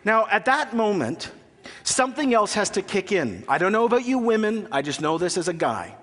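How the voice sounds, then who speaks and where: A man in his thirties delivers a sermon from the pulpit, telling a personal story with lively, self-deprecating humor before turning to his point. His voice sits a little high for a man. Long reverb rings around him from a big church hall. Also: a little fast. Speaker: pastor.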